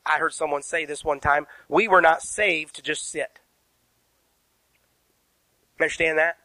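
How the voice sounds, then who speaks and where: Bright-voiced preaching pastor. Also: male voice, a little high, steady tone, unhurried, no echo, poor audio. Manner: emphatic preaching with rhetorical questions, spells words out. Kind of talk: sermon. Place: church sanctuary.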